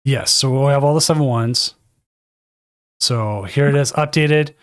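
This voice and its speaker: A man with a medium-pitched, clean-toned voice speaks a little slowly in clean studio sound without echo. He's the stream host casting a live card tournament from home, giving casual, rambling commentary and correcting himself as he goes.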